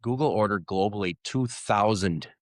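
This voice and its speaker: A middle-aged man talks in a loose, rambling podcast chat and pokes fun at himself. His voice sits fairly low. The sound is dry and close, with no room in it. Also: moderate pace, no room sound. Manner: rambling, self-deprecating humor. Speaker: podcast co-host. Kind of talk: casual chat.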